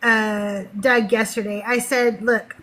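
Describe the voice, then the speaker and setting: A woman's voice: a little high, little pitch movement, takes it slowly, a bit bright, rough recording. A middle-aged woman hosting a show, casually telling a story, laughing often and acting out the voices of people she quotes. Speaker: host.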